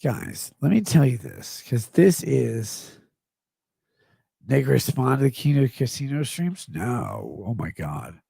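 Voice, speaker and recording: A middle-aged man livestreaming, reading chat comments aloud in a slurred, rambling way that swings between mumbles and loud outbursts. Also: mid-range voice, big pitch swings, takes it slowly, dry recording, clean studio sound. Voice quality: gravelly. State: drunk.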